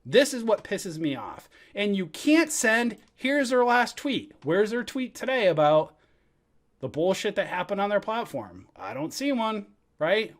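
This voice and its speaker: A man in a heated, profane rant about the markets, bursting loud and then dropping to mutters. His pitch swings widely from line to line. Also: very animated, a little slow. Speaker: stock trading educator. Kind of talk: angry livestream rant.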